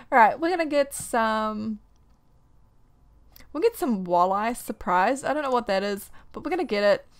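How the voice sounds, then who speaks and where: A young woman rants her way through a casual let's-play commentary, her voice sitting a little high. She sounds exasperated and grumbling, with frequent quick laughs between complaints. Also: expressive. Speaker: gaming YouTuber.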